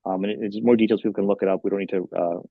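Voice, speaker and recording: A man hosting a podcast interview, talking in a rambling, animated way with many restarts. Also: fairly low pitch, very fast, slightly rough, no echo, narrow, tinny audio. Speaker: podcast host. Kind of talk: casual interview chat.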